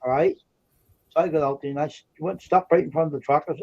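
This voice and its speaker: A man with a slightly high voice talks at a quick pace, and the audio's highs are cut off. Co-hosting a livestream, he casually tells indignant, heated stories about confrontations.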